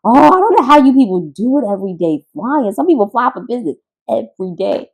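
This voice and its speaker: A woman co-hosting a podcast, chatting casually and acting out a story with lively voices. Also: fairly high pitch, fast talker, husky. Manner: animated storyteller, acts out voices. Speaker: podcast co-host. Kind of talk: casual chat.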